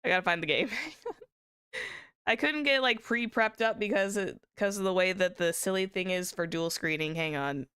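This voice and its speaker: A woman's voice: lowish voice, normal speed, bright, forceful tone, clean tone. A woman streamer chatting casually with viewers, rambling with many restarts and small laughs. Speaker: VTuber streamer.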